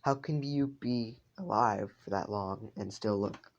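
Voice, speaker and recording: A man's voice: fairly low pitch, unhurried, lo-fi sound. A man voicing a confused grown man who asks questions in disbelief.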